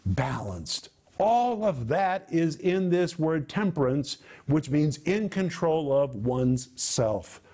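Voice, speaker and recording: A man's voice: high-pitched, darkish tone. A man giving televised Bible teaching, emphatic and direct, stacking up long lists of words and calling his listeners "my friends.". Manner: emphatic, piles up lists of synonyms.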